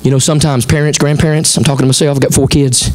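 A middle-aged Southern American pastor delivers a folksy, animated sermon, quickly voicing the characters in his story. His pitch sits fairly high, and there's slight background noise.

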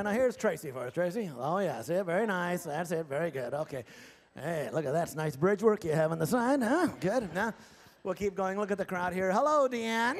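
Folksy ventriloquist man with lively pitch. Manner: folksy, teasing, coaxing audience volunteers. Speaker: ventriloquist host of a stage show. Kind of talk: live stage comedy banter. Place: large theatre stage with audience.

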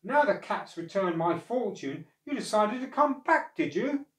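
A man's voice: high-pitched, normal speed, voice pushed up, natural voice. A man reading a storybook, voicing a distraught old man who cries out, pleads and scolds. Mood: scornful. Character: distraught old man, a wizard-like master, grumpy. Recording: echoey room, far from mic.

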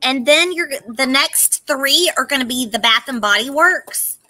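A woman's voice: high-pitched, animated, measured pace, pushed and bright, no echo, poor audio. A woman with a Southern US accent hosting a live-stream auction, chatting casually while she reads out and counts the items in a lot. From Southern United States. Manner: chatty, laughing, reading out product names.

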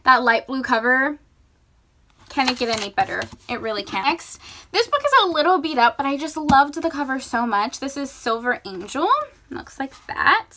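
A woman's voice: high voice, expressive, normal speed, sharp tone, slight background noise. A young woman vlogging casually about books, gushing and chatty as she shows what she bought. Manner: bubbly, gushing. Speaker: book vlogger. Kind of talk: casual vlog chat.

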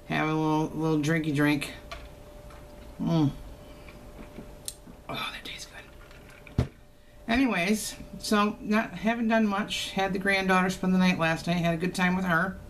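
A woman's voice: on the low side, brisk, hardly any pauses, a little hiss or hum. An older woman, chatting casually to camera at home in a teasing, folksy way. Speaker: haul vlogger. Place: home, indoors.

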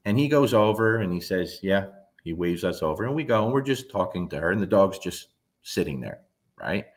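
A man's voice: low voice, sing-song, fairly quick. A man in his fifties, a dog trainer, telling a story in a blunt, emphatic way and swearing freely. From New Jersey. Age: 50s. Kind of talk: casual storytelling monologue.

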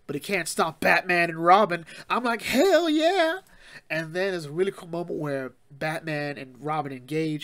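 A man hosting a casual comic book talk show, recapping the story in an animated, rambling way and acting out characters' lines. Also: fairly high pitch. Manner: animated, acts out characters' lines in quick voices; laughs often, rambling with fillers. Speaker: comic book podcast host.

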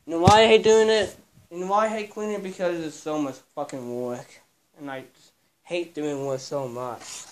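A man's voice: fairly high pitch, steady tone, normal speed, a little hiss or hum. A young man grumbling and swearing through a casual vlog while he cleans a cluttered bedroom. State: out of breath. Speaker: vlogger.

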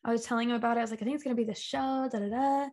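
Chatty woman telling a story, high voice. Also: racing. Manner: animated storyteller, acts out quoted dialogue, laughs often. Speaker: guest, talk show creator. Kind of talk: casual interview chat.

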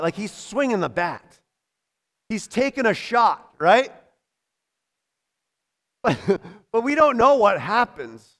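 A middle-aged man preaching a sermon in a church, animated, often laughing and acting out other people's voices. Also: very high-pitched. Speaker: pastor.

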